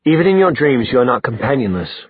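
A man voicing a proud, sarcastic young male fighter with a sharp, cutting delivery. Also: medium pitch, very animated, fast talker, breathy edge, dry recording. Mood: probing. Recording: dry tinny phone-like sound.

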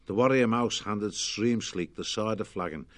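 Reading a children's storybook aloud at normal speed, this fairly low-pitched man brings plenty of lively expression to it.

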